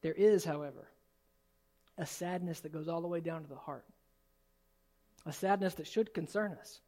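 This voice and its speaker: A man preaching a sermon as pastor in a church, swinging from soft, low asides to loud, high exclamations. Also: normal speed. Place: church sanctuary.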